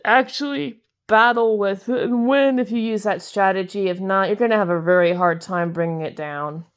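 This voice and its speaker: A woman's voice: medium pitch, moderate pace, clear, resonant tone. A young woman chatting casually as she opens trading card packs, giggling and gushing over the cards she likes. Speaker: card-collecting video host. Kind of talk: casual pack-opening commentary.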